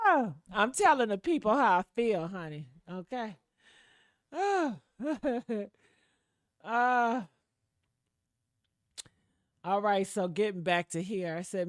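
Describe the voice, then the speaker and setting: Animated, profane woman storyteller, dry room. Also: mid-range voice, slow, long pauses, dry recording. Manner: animated and profane, acts out quotes, laughs often. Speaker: online show host. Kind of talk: storytime commentary to live viewers.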